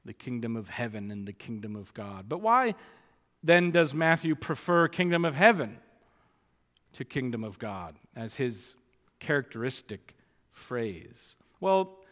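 A man preaches an expository sermon, speaking slowly and deliberately in a fairly high voice. He leans hard on key phrases, drawing them out for emphasis, and a long echo trails behind him as in a large hall. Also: a bit bright.

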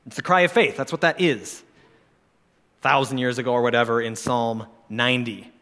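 A man's voice: medium pitch, steady tone, moderate pace, bright, forceful tone. A man preaching a sermon in an earnest, pleading, conversational way, correcting himself as he goes. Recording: long hall reverb.

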